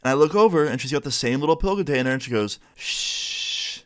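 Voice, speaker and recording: A man's voice: mid-range voice, animated, racing, clean tone. A young man telling a school story in a casual, profane way with lots of filler words.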